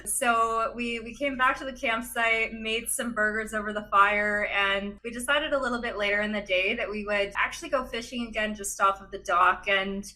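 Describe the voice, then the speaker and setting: A young woman, a podcast guest, telling a story in an animated, chatty way with lots of laughs and fillers. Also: a little high, normal speed, few pauses. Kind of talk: casual storytelling in a chat.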